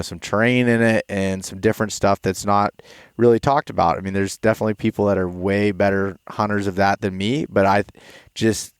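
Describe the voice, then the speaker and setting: Tired low-voiced male podcast host. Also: clean tone, no room sound, clean studio sound. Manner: relaxed, rambling with restarts. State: tired and stuffed up. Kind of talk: casual chat.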